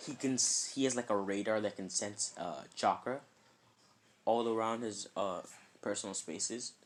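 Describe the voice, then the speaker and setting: A man tells a homemade fan story in a loose, rambling way, leaning on "kinda" and "like" as he goes. His voice sits a bit low, with a faint hiss of noise under it. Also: moderate pace. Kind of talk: casual fan-fiction storytelling.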